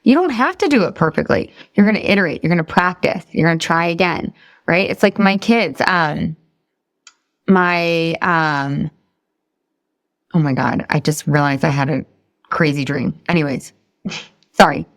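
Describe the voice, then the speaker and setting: A woman in her thirties coaching a live weight-loss class in a lowish, dry, close voice. She talks in a chatty, encouraging way, keeps asking the group questions, and laughs at herself when she wanders off topic. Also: fairly even intonation, measured pace, pauses often, no echo.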